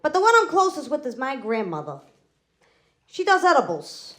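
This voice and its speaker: A woman's voice: sits high, wildly swooping pitch, normal speed, fairly bright tone. A young woman with a Boston accent doing a stand-up set, brash and self-mocking. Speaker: stand-up comedian.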